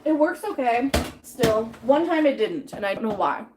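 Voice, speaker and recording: Woman streamer, 30s, a bit high-pitched, rambling casual chat, eating on stream. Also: big pitch swings, normal speed, a little mellow, slight background noise. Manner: chatty and rambling, thanking viewers, talking with food in her mouth. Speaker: live streamer.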